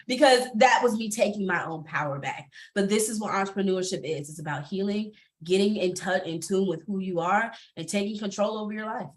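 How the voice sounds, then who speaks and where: A woman speaks on a video call as a panelist. Her talk swings in pitch and she laughs often. It is a personal story told openly, with a conversational rhythm. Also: fairly quick, hardly any pauses. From Atlanta, US. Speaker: panelist entrepreneur. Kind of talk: panel discussion, personal testimony.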